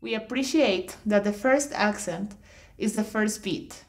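A woman narrating an instructional audiobook, reading definitions in a measured, explanatory way. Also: medium pitch. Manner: measured, explanatory reading with slightly awkward phrasing.

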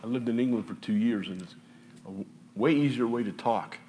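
A man's voice: mid-range voice, a little fast, mellow, a little hiss or hum. A man with an American Midwestern accent preaching a sermon in a church, chatty and joking between scripture readings. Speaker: pastor. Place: church sanctuary. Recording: distant mic in a reverberant church with faint ambience.

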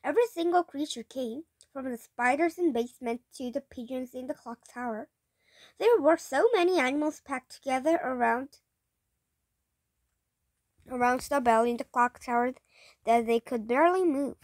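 Female reader, high-pitched, halting delivery with frequent self-corrections, dry close recording. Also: dry recording. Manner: halting, rereads and corrects words. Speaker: storybook reader. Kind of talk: reading a children's story aloud.

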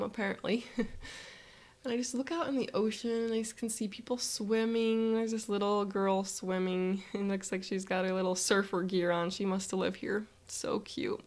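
Woman, guided visualization narrator, relaxed chatty present-tense storytelling, even pitch.

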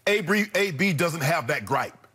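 A middle-aged man, arguing his case on a sports debate show. His voice sits a little high and has a bright, forceful edge. He hammers his points home and jumps higher when he mimics others. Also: animated, unhurried, husky. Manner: emphatic, acts out quotes in a raised voice.

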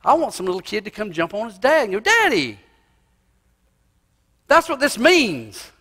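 A male pastor preaching a sermon in a church, swinging from loud cries to hushed asides. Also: high-pitched, big pitch swings, a little fast. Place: church sanctuary. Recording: long reverb of a church hall.

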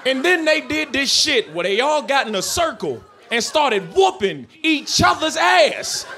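Man, stand-up comic, high and lively voice, shouted punchlines, live club recording with audience noise. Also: measured pace. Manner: animated, swings from quiet asides to shouted punchlines. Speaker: stand-up comedian. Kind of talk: stand-up comedy set. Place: comedy club stage before a laughing audience.

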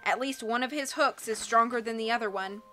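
A woman's voice: on the high side, a little fast, sharp tone, faint music behind. A woman voicing a glum, wry carnival man who complains about himself in a storybook reading.

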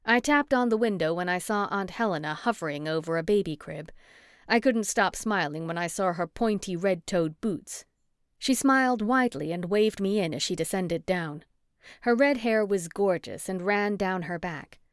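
A woman reading a first-person cozy mystery audiobook with steady, clear storytelling. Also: mid-range voice, normal speed, no echo, studio quality. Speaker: audiobook narrator.

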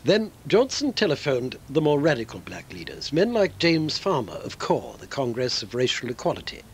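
A man reading scripted documentary narration in a measured, expressive way. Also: medium pitch, a little hiss or hum, rough recording.

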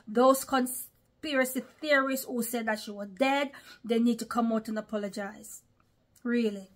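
A woman's voice: on the high side, steady tone, moderate pace. A woman giving religious commentary in an online vlog, speaking emphatically and often addressing her listeners as brothers and sisters. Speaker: online preacher.

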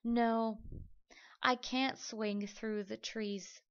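A woman voicing a small, sad young frog in a children's story, speaking gently and plaintively. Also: a little high, fairly even intonation, drawn-out words, muffled recording.

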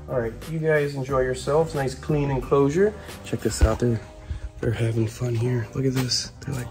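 A man's voice: medium pitch, normal speed, warm tone, faint music behind. A young man hosting a casual vlog about caring for his snakes and lizards, chatty and enthusiastic, recorded on a phone propped up nearby. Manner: chatty, enthusiastic, coos at the animals. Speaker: reptile keeper and show host. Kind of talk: casual animal-care vlog. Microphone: phone propped up on a can.

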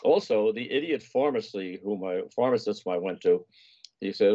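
Older man, dark voice, meandering chat. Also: on the low side, expressive, fairly quick. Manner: meandering, with many fillers and restarts. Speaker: guest, food and travel writer. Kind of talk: casual storytelling chat. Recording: muffled lo-fi audio.

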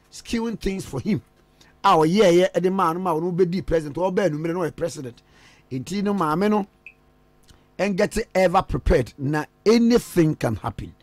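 A man with a Ghanaian accent hosting a radio talk show, switching lively between local language and English. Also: high-pitched, no room sound. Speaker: radio host.

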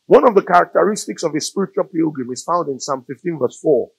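Nigerian male pastor, sermon delivery, gravelly and husky, very animated pitch, dry sound. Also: fast talker, no room sound, poor audio. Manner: animated storytelling, rising to loud emphatic peaks. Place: church or studio.

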